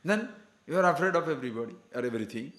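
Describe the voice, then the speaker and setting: A man's voice: on the high side, lively intonation, very fast, fairly bright tone, reverberant. A man giving a scripture discourse to a class as a spiritual teacher, emphatic and full of rhetorical questions.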